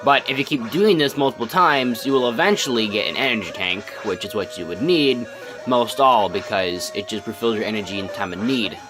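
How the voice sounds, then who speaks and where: A man's voice: mid-range voice, fairly quick, over music. A young man giving casual gameplay commentary, rambling with many ums and restarts, his voice scratchy from just waking up. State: just woke up, scratchy morning voice. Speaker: let's play host.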